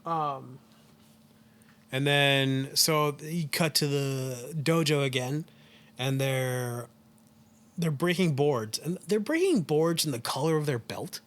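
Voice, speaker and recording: A man's voice: on the high side, lively intonation, slow, fairly bright tone. A man co-hosting a casual podcast, retelling a film in a rambling way with acted-out lines and some swearing. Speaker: podcast co-host. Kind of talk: casual film recap chat.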